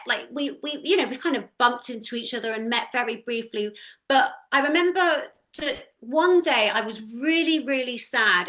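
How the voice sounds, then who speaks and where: A woman's voice: on the high side, bright, forceful tone. A woman speaking as a guest on a talk show panel, gushing and sincere.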